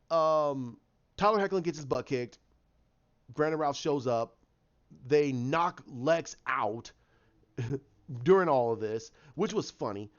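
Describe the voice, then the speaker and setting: A man giving a casual, animated review of a TV episode, ranting, swearing and acting out the characters' lines. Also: fairly high pitch, muffled recording. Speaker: YouTube show reviewer.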